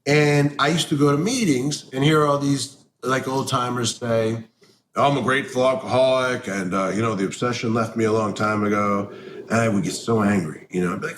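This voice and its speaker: A man's voice: medium pitch, steady tone, normal speed, fairly bright tone, a little hiss or hum. A man speaking bluntly and profanely in a candid conversation, getting heated as he talks. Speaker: interview guest.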